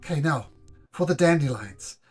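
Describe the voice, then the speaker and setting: A man's voice: a little high, animated, moderate pace, darkish tone, slightly rough, pitched above the performer's own voice. A man voicing a fussy, pedantic man behind a door who insists on every detail of a potion recipe. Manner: fussy, insistent, repeats orders.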